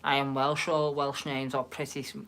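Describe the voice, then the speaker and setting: A man's voice: mid-range voice, level tone, moderate pace, fairly bright tone, a little hiss or hum. Chatty Liverpool-accented man hosting a live stream. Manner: chatty, banters with viewers in the chat. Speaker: livestream host. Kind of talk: casual live-stream chat.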